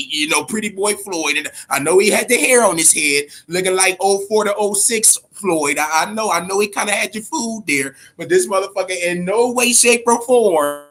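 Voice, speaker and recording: A man hosting a boxing talk show, giving casual, profane commentary in an animated way, often repeating words and tagging on "man" and "all right?". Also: high-pitched. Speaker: boxing podcast host.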